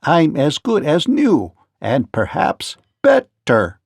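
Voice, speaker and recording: A man voicing a calm, literal clockwork man in a storybook read-aloud, with a gruff voice and a slow, measured, mechanical delivery. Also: a little high, no room sound, studio quality, full character voice.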